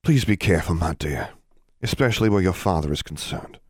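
A man reading the lines of a stern but caring older woman guardian in an audiobook, serious and measured. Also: low voice, expressive, slightly rough, dry recording, studio quality.

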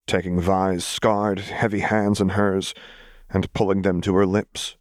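Deep, slow male audiobook narrator. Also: level tone, no room sound, clean studio sound. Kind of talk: audiobook reading of fan fiction.

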